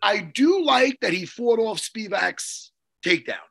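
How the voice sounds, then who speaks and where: Raspy new guy, middle-aged, rambling animated chat, gravelly voice. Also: sits high, a little slow. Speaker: co-host, jiu-jitsu coach. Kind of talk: excited casual chat.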